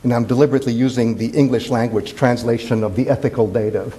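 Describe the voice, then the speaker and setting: A man's voice: mid-range voice, steady tone, quick pace, hardly any pauses, mellow. An older man from Indiana giving a playful, digressive classics lecture at a symposium, full of fillers and restarts. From Indiana, USA. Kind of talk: symposium talk.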